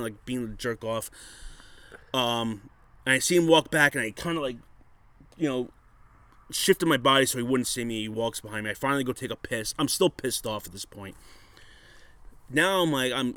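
A man telling a bar story in casual chat, profane and animated, acting out what people said. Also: medium pitch, no echo.

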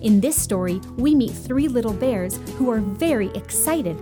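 A woman's voice: fairly high pitch, animated, moderate pace, over music. A woman reading a picture book aloud to young children as a storyteller, in a sweet, sing-song manner.

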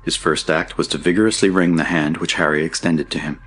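A man narrating an audiobook in a steady, measured reading. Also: extremely low pitch, breathy edge. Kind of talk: scripted narration.

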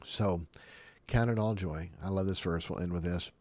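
A man preaching a sermon, emphatic and animated, often laughing between his points. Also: deep voice, fairly quick. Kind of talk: sermon teaching.

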